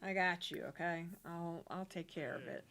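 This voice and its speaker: A woman's voice: lowish voice, moderate pace, vocal fry, a bit bright, voice pushed down. Weary patient husband, as a woman voices him. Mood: reassuring. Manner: tired, reassuring.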